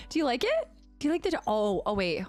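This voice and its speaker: A woman streamer chatting casually on a live stream, excitable and giggly, cooing to her cat at her home desk. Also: fairly high pitch. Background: faint film music.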